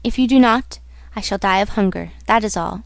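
A woman's voice: mid-range voice, fairly quick, gravelly, dry recording, lightly acted. A woman voicing a defiant, desperate young male prisoner in an audiobook reading, insistent and pleading. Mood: weary. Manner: insistent, pleading then threatening.

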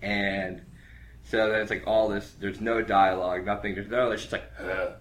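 A young man with a deep, low voice talks loosely through a story recap. He piles on fillers and restarts and drops into quick impressions of characters. Casual chat with friends. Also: flat delivery. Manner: rambling, filler-heavy, acts out characters' lines.

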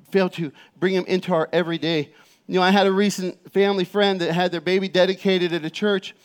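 A middle-aged pastor with a light, high voice delivers a sermon. He talks casually through family stories, full of "you know" and restarts, then reads scripture slowly. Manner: conversational, personal storytelling with frequent fillers.

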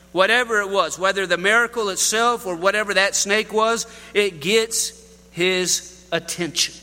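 A man's voice: sits high, pushed and bright, long reverb tail. A man preaching a sermon, telling folksy stories and addressing the congregation directly. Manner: folksy storytelling with Southern address.

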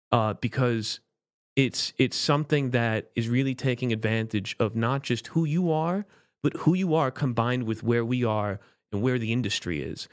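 A man's voice: medium pitch, no room sound, clean studio sound. A man hosting a casual podcast conversation, making blunt, wry asides. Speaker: podcast host.

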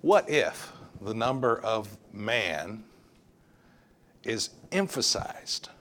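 A man's voice: on the low side, sing-song, drawn-out words, a bit bright. A male pastor preaching a sermon, emphatic and repeating words for stress.

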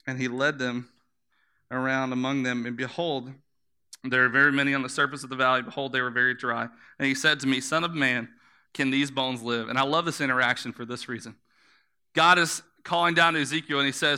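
A man's voice: mid-range voice, fairly even intonation, fairly quick, sharp tone, smooth. A man preaching a sermon, telling the story in vivid images, repeating words for emphasis and asking the listeners to close their eyes and imagine.

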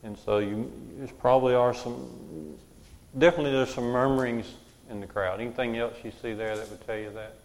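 A man's voice: mid-range voice, fairly even intonation, brisk, darkish tone. A man leading a group Bible study, who asks questions and repeats the answers back to the room.

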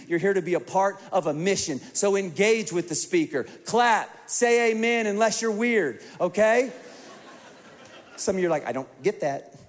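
A man preaching a sermon to a large congregation, telling stories in an animated way that swings from hushed to emphatic. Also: sits high. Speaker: pastor. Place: large church auditorium. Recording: long reverb of a large hall.

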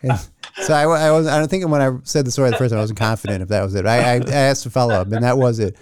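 A man's voice: mid-range voice, racing, darkish tone. A young man hosting a podcast in casual chat, rambling, swearing casually and laughing at himself. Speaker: podcast host.

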